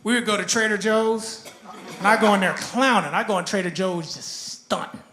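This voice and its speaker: A man performing a stand-up comedy set, animated and acting out characters in different voices. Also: high voice, moderate pace. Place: live comedy venue. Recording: roomy live room with loud crowd. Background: loud audience laughter.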